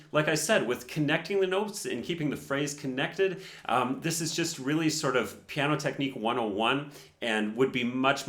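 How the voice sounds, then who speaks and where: A man's voice: mid-range voice, fairly bright tone, roomy sound. A man reviewing a piano performance and teaching technique in a casual, explanatory way, counting beats aloud.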